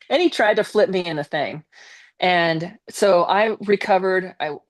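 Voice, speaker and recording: A woman, a guest on a live stream, telling a personal story in a casual, animated way with blunt swearing. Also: on the low side, slow.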